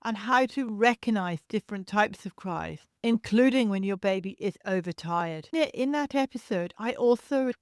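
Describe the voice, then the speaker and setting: A woman hosting a solo parenting podcast, explaining baby cries in a gentle, reassuring teaching tone and imitating the cries to show them. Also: mid-range voice, expressive, moderate pace, hardly any pauses, smooth, no echo, studio quality. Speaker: podcast host and childcare educator.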